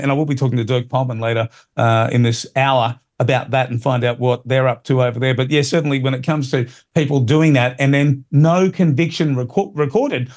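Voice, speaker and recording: Male talk radio host, blunt opinionated commentary, mid-pitched, says things twice. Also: darkish tone. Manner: blunt, opinionated, repeats himself.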